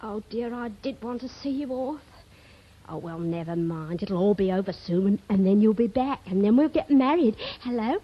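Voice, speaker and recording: A woman's voice: medium pitch, lively intonation, moderate pace, husky. An actress playing a young woman on the telephone to her sailor sweetheart, clingy and jealous, chattering breathlessly in a 1930s radio comedy. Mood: pleading. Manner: breathless one-sided phone chatter, fretful and pleading. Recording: dull old radio archive recording.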